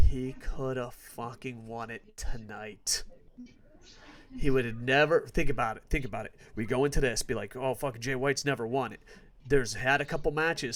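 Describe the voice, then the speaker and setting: A man hosting a wrestling podcast, ranting with heavy swearing and sarcasm in casual prediction talk. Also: a little high. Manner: profane, emphatic, sarcastic.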